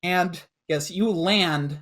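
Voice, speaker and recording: A game master narrating a tabletop role-play scene, halting and stopping often to rephrase. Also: mid-range voice, a bit bright. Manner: halting, full of restarts and fillers while describing scenes.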